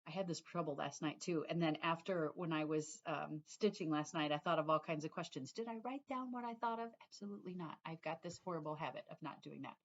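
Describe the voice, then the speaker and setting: A woman's voice: low voice, fairly even intonation, fast, few pauses, dull audio. A middle-aged woman vlogging casually about her cross-stitch, rambling and often restarting her sentences. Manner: rambling, chatty, trails off and restarts. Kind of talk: casual chat to viewers.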